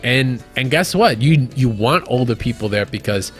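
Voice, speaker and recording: A man co-hosting a podcast, talking in a loose, casual way with plenty of swearing and filler words. His voice sits at an average pitch. Faint music plays under the conversation. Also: lively intonation, normal speed. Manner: loose and profane, lots of fillers. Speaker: podcast co-host.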